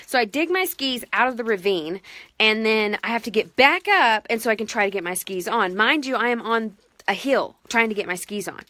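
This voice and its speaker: Bright, animated woman telling a story. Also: on the high side, a little fast, no room sound. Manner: animated, dramatic and self-mocking. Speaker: mother telling a family ski story. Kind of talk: casual storytelling to camera.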